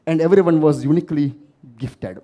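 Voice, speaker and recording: Man, keynote speaker, motivational talk, storytelling, quizzes the crowd, mellow tone. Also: on the high side, fairly quick, muffled recording. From Maldives. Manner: storytelling, asks the audience questions. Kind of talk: motivational talk to a live audience.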